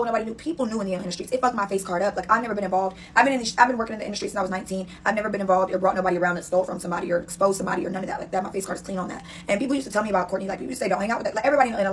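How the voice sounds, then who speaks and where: A woman casually telling a story in an animated way, acting out quotes with "da, da, da" fillers. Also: mid-range voice, rapid-fire, hardly any pauses, slight background noise. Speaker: storyteller recounting a dispute.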